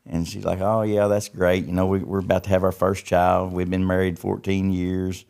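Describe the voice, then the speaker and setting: Man, middle-aged, very low voice, folksy testimony, repeats himself. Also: monotone, normal speed, creaky, a little mellow. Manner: folksy, repeats words as he tells stories. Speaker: podcast guest, recovery ministry founder. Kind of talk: casual testimony storytelling.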